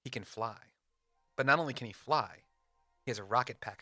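A young man co-hosting a casual podcast, animated and playful, building up dramatic fan crossover stories. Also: mid-range voice, fast talker, soft background music. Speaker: podcast co-host.

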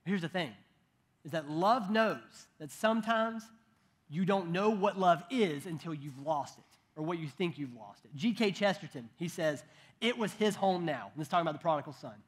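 High-voiced man preaching conversationally. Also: animated, normal speed. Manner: conversational, joking asides, frequent restarts. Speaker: pastor. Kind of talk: sermon.

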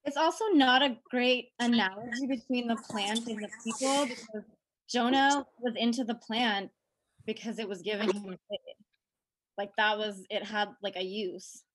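Woman in a bible study chat, mid voice, dry close sound, asks questions and trails off quiet. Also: fairly high pitch, steady tone, moderate pace, dry recording, low-quality recording. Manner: thoughtful, questioning, trails off softly. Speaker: discussion group member. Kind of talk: casual group discussion.

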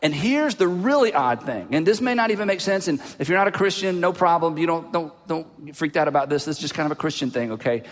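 A man preaching a sermon as a pastor, telling a personal story in an animated way and dropping his voice low for asides. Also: fast, few pauses. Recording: long hall reverb.

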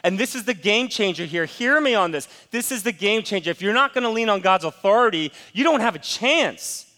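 A man preaches to his congregation, building emphasis and asking them pointed questions. His voice is high, bright and crisp. The sanctuary adds a long, ringing reverb. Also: lively intonation, a little fast. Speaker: pastor. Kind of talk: sermon. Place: church sanctuary.

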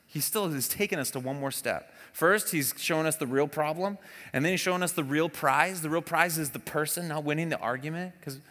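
A man preaching a conversational sermon as a pastor, animated and often asking the audience questions. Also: fairly high pitch. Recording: long hall reverb.

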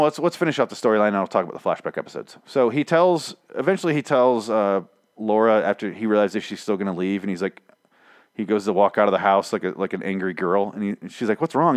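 A man's voice: fairly low pitch, dry recording, clean studio sound. Rambling, profane young man recapping a show. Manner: rambling and profane, with frequent restarts. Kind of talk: casual spoken recap.

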